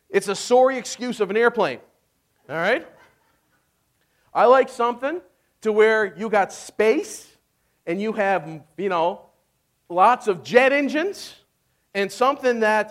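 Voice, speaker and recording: A man delivers a sermon in a notably high voice. He tells the story in an animated, casual way, acting out the characters and laughing along the way. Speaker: pastor.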